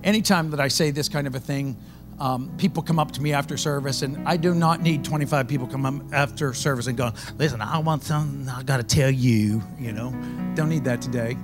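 A man who is a pastor, preaching a sermon in a loud, conversational storytelling way. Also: medium pitch, brisk, over music.

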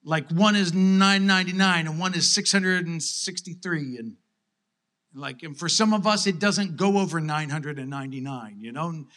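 A male pastor with a high, bright voice delivering a sermon to his church. He keeps it conversational and playful, acting out doubting disciples in a skeptical tone. His delivery has a sharp, forward edge. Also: moderate pace.

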